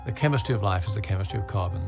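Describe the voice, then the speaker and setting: An older English man, a physicist and cleric, telling a science story in a measured, explanatory way. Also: on the low side, vocal fry, over music. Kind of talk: recorded lecture talk.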